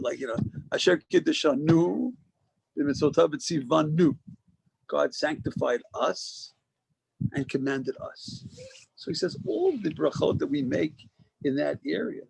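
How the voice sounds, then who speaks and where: A man's voice: a little high, vocal fry, slightly rough, no echo, poor audio. A man giving an informal, conversational Torah lecture as a rabbi, discursive and often restarting phrases for emphasis. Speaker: rabbi teaching a class.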